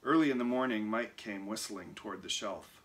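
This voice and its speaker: A man reading a children's picture book aloud, expressive and lively. His voice sits on the low side yet sounds bright and forceful. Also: normal speed. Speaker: reader.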